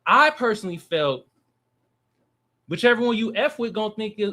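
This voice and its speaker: Lively, bright-voiced joking man. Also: sits high, moderate pace. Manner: loud, profane, joking. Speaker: panel guest commentator. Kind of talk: casual panel chat.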